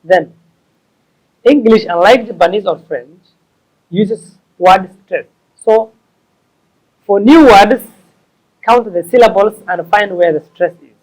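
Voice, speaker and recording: High-voiced man teaching English. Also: a little mellow, low-quality recording. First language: Somali. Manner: slow, repetitive, stops to correct himself. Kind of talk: explaining tips to learners.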